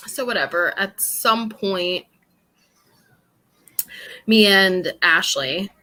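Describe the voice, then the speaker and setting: A woman's voice: medium pitch, very animated, drawn-out words, pauses often, pushed and bright. A young woman from New York, co-hosting a podcast and chatting casually, blunt and rambling, laughing often. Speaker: podcast co-host. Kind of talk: casual chat.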